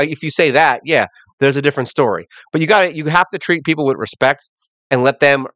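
Middle-aged male podcast host, quick rambling delivery, acts out the people in his stories, dry close sound. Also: medium pitch, no room sound. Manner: rambling, animated storytelling that acts out customers. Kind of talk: casual solo podcast rant.

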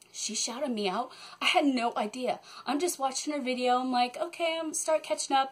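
A woman chatting excitedly to camera about her cross-stitch projects, rambling with many asides. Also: fairly high pitch. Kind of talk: casual chat to camera. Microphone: phone camera.

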